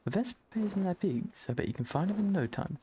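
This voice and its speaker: A man's voice: high voice, animated, fast talker, warm tone, slight background noise, pitched above the performer's own voice. A man putting on an eager little boy. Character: eager chatty young boy.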